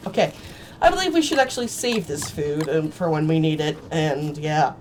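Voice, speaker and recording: Excitable woman swearing at a game. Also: deep voice, normal speed, slight background noise. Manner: excitable, swears a lot, sudden outbursts; playful mock-old-fashioned voice at times. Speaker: gaming channel host. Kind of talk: solo game commentary. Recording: cheap mic, faint game music.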